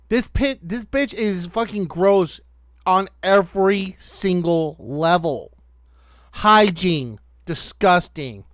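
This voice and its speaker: A man's voice: sits high, dry recording, studio quality. A man hosting a podcast, reacting to clips with angry, profane ranting commentary.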